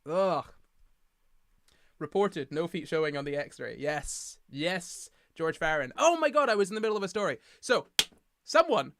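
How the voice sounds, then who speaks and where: A man's voice: high voice, a bit bright, no room sound, clean studio sound. A tired young man from the United Kingdom, rambling and self-mocking as he hosts a casual livestream and reads the chat aloud. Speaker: livestream host.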